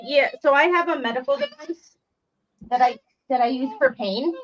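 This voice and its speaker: A woman's voice: high voice, normal speed, dull audio, a little hiss or hum. A woman hosting a casual livestream chat from home, talking loosely and laughing between remarks. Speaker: host.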